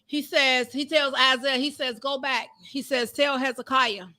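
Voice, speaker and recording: Fervent high-voiced woman preaching. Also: fairly even intonation, a little slow. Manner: fervent, shouts praise, repeats phrases. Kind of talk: sermon.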